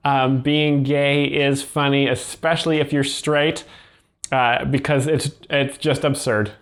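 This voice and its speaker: A man hosting a commentary channel, delivering mock-serious, deadpan sarcasm with frequent ums. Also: mid-range voice, unhurried. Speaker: host of a comedy commentary channel.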